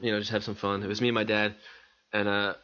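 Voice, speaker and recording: A man co-hosting a casual podcast, telling an animated story, laughing often and swearing casually. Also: fairly low pitch, fast talker. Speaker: podcast co-host. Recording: dull lo-fi sound.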